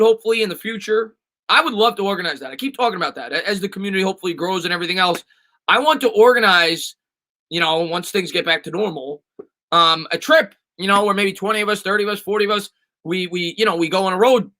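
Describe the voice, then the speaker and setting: A man with a very bright, forceful and rather high voice, chatting casually on a live stream. He reads questions from the chat and answers them off the cuff, stumbling through restarts and "um"s. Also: poor audio.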